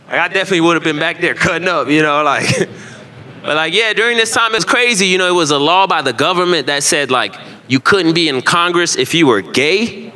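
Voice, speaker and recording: A man performing a stand-up comedy set, telling profane stories loosely and animatedly, breaking into loud shouted character voices. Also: fairly high pitch, brisk. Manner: animated, loose, profane storytelling with frequent laughs.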